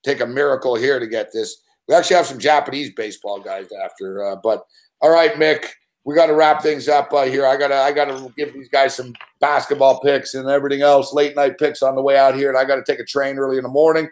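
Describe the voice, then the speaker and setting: A man's voice: medium pitch, fairly even intonation, quick pace. A man hosting a casual sports betting show, talking through picks in an easygoing way and reacting to live games. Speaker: show host.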